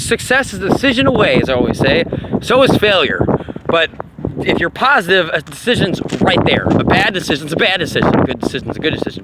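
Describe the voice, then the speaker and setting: A man rambling casually and profanely, laughing often, in an animated monologue. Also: high voice, heavy background noise. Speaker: vlogger on astrology.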